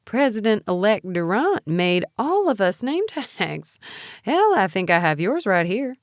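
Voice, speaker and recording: A woman's voice: mid-range voice, sing-song, measured pace, dry recording, clean studio sound, voice pushed up. A woman voicing a snide young male political operative with a Mississippi drawl and a sneering, mocking manner. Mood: smug.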